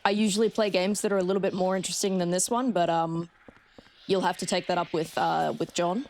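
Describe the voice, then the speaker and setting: A woman's voice: on the low side, steady tone, fairly quick, darkish tone, slight background noise. An Australian woman streaming a horror game, chatting with her viewers and swearing freely. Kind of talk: casual live-stream gameplay commentary.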